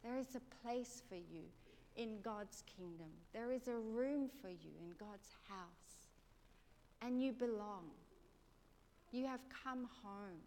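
Woman pastor doing a slow guided prayer, soft questions, big reverby church, bit of hiss. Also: on the high side. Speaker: preacher. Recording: long reverb of a large hall, faint noise.

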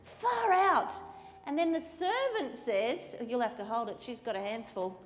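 A woman telling a Bible story to children in a lively, playful way, acting out the characters. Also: a little high, moderate pace. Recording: reverberant hall with faint ambient noise.

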